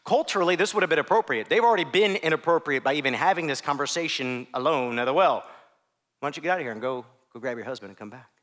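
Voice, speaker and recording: Lively high-voiced male preacher. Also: fast talker. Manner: conversational, dips to soft hushed phrases; self-deprecating asides. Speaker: pastor. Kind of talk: sermon.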